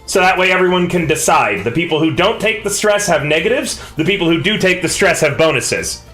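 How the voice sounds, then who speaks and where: A man's voice: fairly high pitch, lively intonation, fairly quick, fairly bright tone. A man running a tabletop game, casually explaining the rules and joking with his players. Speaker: game master. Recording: roomy echo, faint music.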